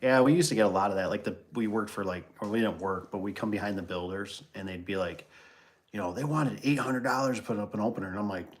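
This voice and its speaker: Brief: tradesman hosting a loose livestream, deepish voice, rambling delivery full of fillers and restarts. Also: fast. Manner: reads viewer comments aloud and riffs on them. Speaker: garage door business owner hosting a livestream. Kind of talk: casual livestream chat and storytelling.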